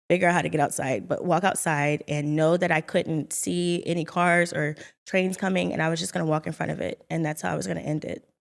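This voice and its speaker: A young woman in an earnest, halting, reflective telling of her personal faith testimony. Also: deep voice, gravelly. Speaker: vlogger sharing her story.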